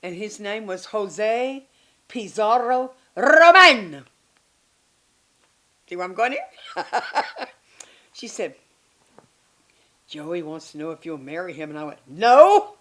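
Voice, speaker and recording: An older woman, an interview guest, telling candid stories in a lively, self-mocking way and laughing between lines. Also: lowish voice, measured pace, pauses often. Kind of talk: candid storytelling chat.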